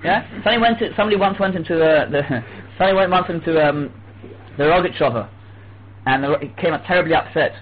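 A man teaching a religious lesson, telling stories lively and acting out quoted dialogue. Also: a little high, quick pace. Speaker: Torah teacher. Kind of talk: religious lecture. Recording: tinny phone-like with faint hum.

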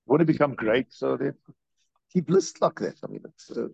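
A man's voice: medium pitch, lively intonation, normal speed, creaky, warm tone, slightly rough, dry recording, lo-fi sound. A man, a rabbi, giving a Torah lecture, telling stories with lots of repetition and rhetorical questions.

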